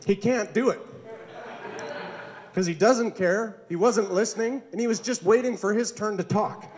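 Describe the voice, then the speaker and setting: A man's voice: sits high, moderate pace, darkish tone. A man doing a stand-up comedy set on a club stage, with awkward, self-deprecating jokes that he chuckles at himself.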